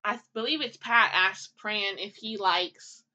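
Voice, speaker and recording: A woman co-hosting a podcast, excitedly retelling scenes from a drama in a casual chat. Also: medium pitch, a little slow, lo-fi sound. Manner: excitable, animated storyteller with bursts of laughter. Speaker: podcast co-host.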